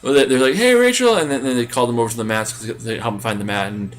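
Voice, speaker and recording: A man's voice: lowish voice, fairly even intonation, rapid-fire, a little hiss or hum. A man co-hosting a casual recap podcast, rambling with many fillers and restarts. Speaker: podcast co-host.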